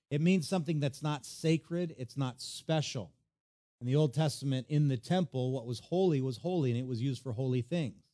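A male preacher delivering a sermon in a relaxed, conversational manner. His voice is mellow and dark-toned, with a pitch in the middle range for a man. He explains ideas plainly and slips in light humor.

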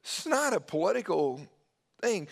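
A man preaching a sermon, swinging his pitch and loudness and dropping to a hushed voice when he quotes. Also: big pitch swings, normal speed, creaky. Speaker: pastor.

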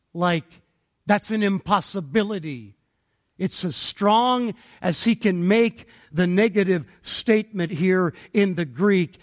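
Slow, high-voiced male preacher. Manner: deliberate, emphatic preaching with pauses. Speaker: pastor. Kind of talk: expository sermon.

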